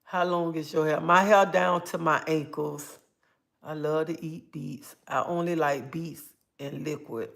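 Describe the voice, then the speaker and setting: An older woman hosting a casual livestream, reading viewer comments aloud and telling stories in a chatty, animated way. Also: low-pitched, unhurried, creaky. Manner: chatty, animated storytelling with bursts of excitement. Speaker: livestream host.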